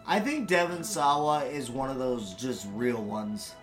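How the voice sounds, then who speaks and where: A man's voice: medium pitch, a little slow, music in the background. A man guesting on a podcast in casual chat, enthusiastic and swearing freely as he rambles.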